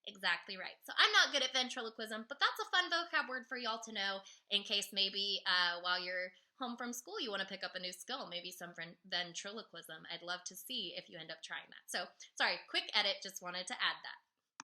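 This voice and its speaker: A woman's voice: mid-range voice, animated, normal speed, pushed and bright. A woman teacher giving a friendly, upbeat lesson to her class by video, explaining step by step in a chatty way.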